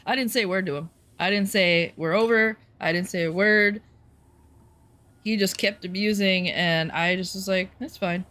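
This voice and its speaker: A woman's voice: mid-range voice, fairly bright tone. A woman telling a story straight to her viewers. She is blunt and unfiltered, swears freely, and rambles with fillers and restarts as she goes. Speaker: vlogger. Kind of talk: casual storytelling.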